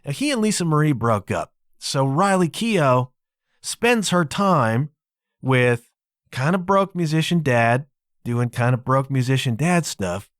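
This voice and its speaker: Male solo podcast host, emphatic and chatty, animated delivery, dry close mic. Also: mid-range voice, a little slow, no echo. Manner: emphatic, conversational, keeps checking in with the listener.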